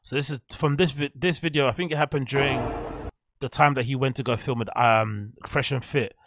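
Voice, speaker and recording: A man's voice: mid-range voice, fairly even intonation, brisk, fairly bright tone, slight background noise. A man hosting a podcast, giving rambling, blunt commentary while clicking through pictures. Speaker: podcast host. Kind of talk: casual commentary on a screen grid.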